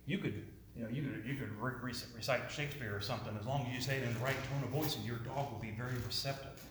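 A man's voice: mid-range voice, fast. A man giving a talk with slides, asking his listeners questions, repeating his words and adding jokey asides. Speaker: speaker presenting to an audience. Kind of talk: interactive presentation with slides. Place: room with a live audience. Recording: roomy with faint noise.

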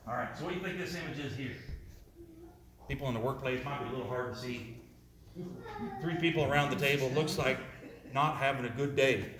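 In a brisk, slightly bright mid-range voice that pauses often, a man runs an interactive slide talk. He asks the audience questions, repeats words, and adds jokes, and the live room comes through roomy with faint noise.

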